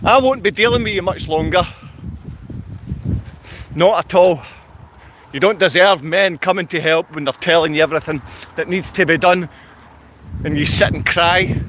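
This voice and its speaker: A man's voice: sits high, normal speed, pauses often, fairly bright tone, a little hiss or hum. A man ranting angrily on a livestream, berating and confronting his viewers in blunt, repetitive bursts. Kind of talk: angry livestream rant.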